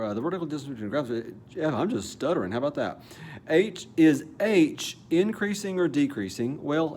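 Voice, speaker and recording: Walking through a calculus lesson, this male math teacher works the problem step by step in a relaxed, think-aloud style, occasionally catching and fixing his own mistakes. He has a mid-range, slightly mellow voice, and there's a little hiss or hum.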